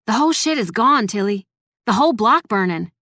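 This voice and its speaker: A woman voicing a young man delivering terrible news breathlessly, in a loud, urgent street-slang delivery. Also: on the high side, expressive, a little fast, no echo, clean studio sound, voice pushed up.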